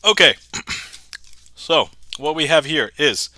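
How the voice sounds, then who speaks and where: A man's voice: a little high, lively intonation, slow, sharp tone, no echo. A young man hosting a casual livestream, chatting with viewers, laughing often and replying to chat. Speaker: magic livestreamer.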